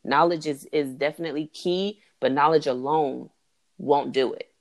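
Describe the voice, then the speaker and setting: A man talking emphatically in a casual conversation, swearing freely and agreeing quickly. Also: on the high side, creaky.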